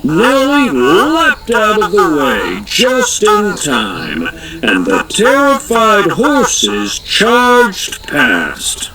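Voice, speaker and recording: Man reading a kids' storybook, very slow, wildly swooping pitch, playful, crowd noise behind. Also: huge pitch swings, pushed and bright, low-quality recording. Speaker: audiobook narrator.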